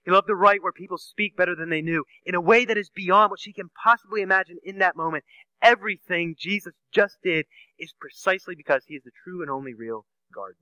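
A man preaching a sermon, asking the listeners rhetorical questions and swinging from a soft hush to loud emphasis. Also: sits high, fast talker, dry recording, low-quality recording.

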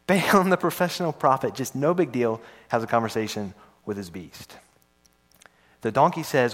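A man with a fairly high voice preaches a sermon. He tells the story with animated energy and playful asides. His pacing stretches and rushes for effect. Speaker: pastor. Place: church service.

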